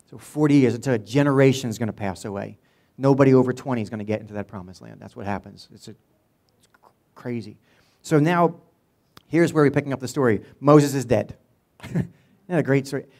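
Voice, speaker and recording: A man's voice: mid-range voice, a little mellow. Man preaching a casual, joking sermon. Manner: casual storytelling, asides and jokes. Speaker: pastor.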